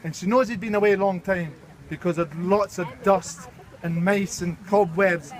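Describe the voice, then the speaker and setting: A man's voice: high voice, normal speed, slight background noise. A man telling a folk tale to a group in a casual, joking way, checking in with listeners often. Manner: joking, playful, checks in with the audience. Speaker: storyteller at a team event. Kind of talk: casual storytelling. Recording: crowd chatter outdoors.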